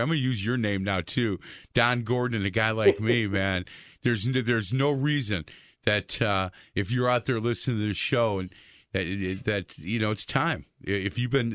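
A man hosting a talk show, speaking earnestly in a halting way after a guest's testimony. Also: on the low side, fairly bright tone, no room sound, clean studio sound. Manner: halting, earnest, full of fillers and restarts. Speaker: radio show host.

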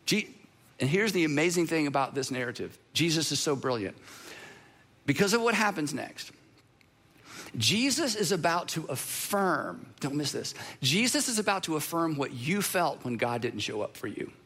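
A male pastor delivers a sermon in a high, bright, ringing voice. He is earnest and emphatic, circling back on key phrases. At moments of weight he slows almost to a stop. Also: sing-song, breathy edge.

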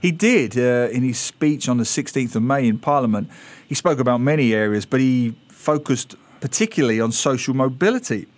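A man's voice: mid-range voice, lively intonation, a little fast. A man from East London with an Essex estuary English accent, chatting as a guest columnist on a radio show with wry, opinionated asides. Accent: Essex (Thames estuary) English. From England, East London. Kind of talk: radio talk chat.

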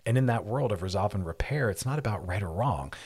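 A man's voice: lowish voice, expressive, fast, darkish tone, slightly rough. A man hosting a radio advice show, talking through relationships in a reflective, conversational way with personal stories.

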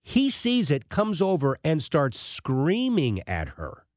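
A man hosting a talk radio show, telling a personal story in an animated way and acting out the people he quotes. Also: on the high side, slow, dry recording, studio quality.

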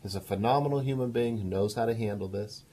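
A man's voice: fairly low pitch, fast, dark tone, a little hiss or hum. A man hosting a call-in show on emotional well-being, coaxing a caller with encouragement and frequent laughter. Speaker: radio show host. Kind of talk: call-in counseling talk.

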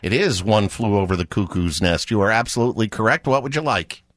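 A man's voice: on the low side, lively intonation, brisk, fairly bright tone, dry recording, clean studio sound. A man hosting a radio call-in movie quiz, upbeat and chummy with callers. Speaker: radio host. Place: radio studio.

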